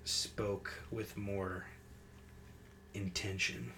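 A man hosting a casual chat podcast, his voice sitting a little low. He rambles through long thoughts with plenty of fillers and now and then jumps into animated impressions of other people. A faint hiss of noise sits under the recording. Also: extremely slow, vocal fry, poor audio. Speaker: podcast host.

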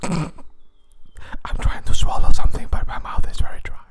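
Goofy guy doing whispered role-play asmr outdoors, slow and breathy, mouth right on the mic. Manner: playful, giggly, self-mocking. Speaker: podcast host. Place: outdoors among birdsong. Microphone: close to the mouth.

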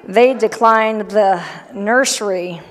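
A woman's voice: mid-range voice, slow, in a large hall, a faint crowd. A middle-aged woman preaching a sermon in a church, talking in a conversational, humorous way and acting out the people in her stories. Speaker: pastor. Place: church sanctuary.

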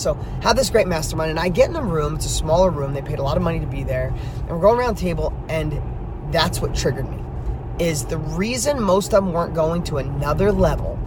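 A man's voice: a little high, noisy background. A middle-aged man, a real estate coach, telling a story to camera while driving, emphatic and fired up.

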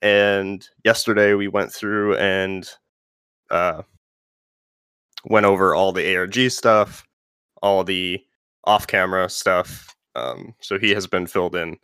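A man's voice: deep voice, steady tone, slow pace, sharp tone, clean tone, dry recording, studio quality. A man hosting a podcast in casual, rambling chat full of fillers. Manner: rambling, filler-heavy and conversational. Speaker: podcast host.

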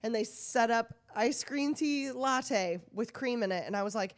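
A woman's voice: a little high, measured pace. A young woman in casual chat, telling a story bluntly and with a lot of swearing.

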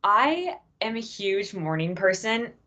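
A woman's voice: mid-range voice, big pitch swings, takes it slowly, sharp tone, lo-fi sound. A young woman hosting a casual group chat, asking questions in an upbeat, chatty way and laughing easily. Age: young adult. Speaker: discussion host.

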